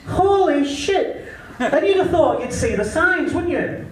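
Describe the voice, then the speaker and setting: Brash English stand-up comic in echoey venue. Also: male voice, extremely high pitch, expressive, moderate pace, a bit bright. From England. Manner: brash, cheeky storytelling with crude punchlines. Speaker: stand-up comedian. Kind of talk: stand-up comedy set. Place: live comedy venue. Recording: very echoey room, mic at a distance.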